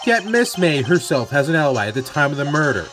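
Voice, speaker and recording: A man voicing a brash young male defense lawyer who presses witnesses with loud exclamations. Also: fairly high pitch, sing-song, quick pace. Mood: pressing. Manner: punchy, exclaiming. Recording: music playing behind.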